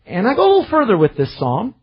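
A man's voice: high-pitched, wildly swooping pitch, fast talker, breathy edge, muffled recording. A man preaching a sermon in an earnest, self-searching way, often restarting his phrases.

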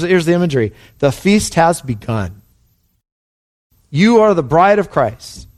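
A man preaching a sermon with passion, his delivery dropping to hushed and rising to soaring. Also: a little high. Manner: impassioned, swings between hushed and soaring. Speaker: pastor.

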